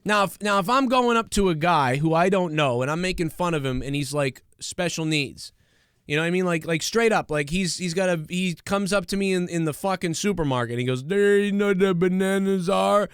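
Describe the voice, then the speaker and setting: A man's voice: fairly high pitch, expressive, brisk, a bit bright, smooth, no room sound, clean studio sound. A young man hosting a podcast, ranting casually with lots of swearing, fillers and restarts. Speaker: podcast host. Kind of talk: casual comedic rant.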